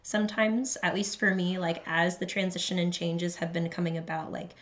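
A woman's voice: fairly low pitch, fairly even intonation, moderate pace. A woman co-hosting a casual chat, reacting playfully and leaning on words for emphasis. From North America. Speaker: co-host.

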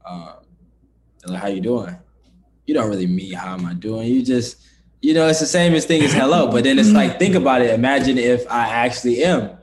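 A man talking as a podcast guest in a laid-back, conversational way, often dropping soft and low as he explains. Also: a little hiss or hum. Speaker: guest, entrepreneur. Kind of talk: casual interview chat.

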